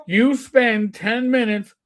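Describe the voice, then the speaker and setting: A man's voice: very high-pitched, fairly even intonation, slow, background noise. A man in his fifties with a New York accent, co-hosting a casual live-stream chat and acting out players' lines as he tells stories. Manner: storytelling, acts out quoted players with shifting voice. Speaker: co-host.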